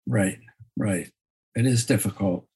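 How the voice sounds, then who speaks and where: A man, a photographer, talking in a slow, thoughtful way in an interview, often restarting his sentences and laughing softly. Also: on the low side, slightly rough, rough recording. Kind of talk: reflective conversational interview.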